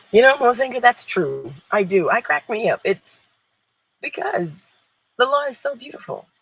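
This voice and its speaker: Lively woman hosting an uplifting livestream. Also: a little high, normal speed, breathy edge, rough recording. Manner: laughs often, playful and emphatic, reads chat. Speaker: livestream host. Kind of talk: inspirational livestream talk.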